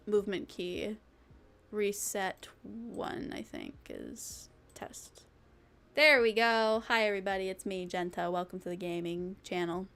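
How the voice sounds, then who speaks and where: A woman's voice: medium pitch, gravelly, fairly bright tone. A young woman streaming, chatting casually and playfully, rambling and breaking into silly sing-song. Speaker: vtuber streamer. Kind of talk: casual live-stream chat.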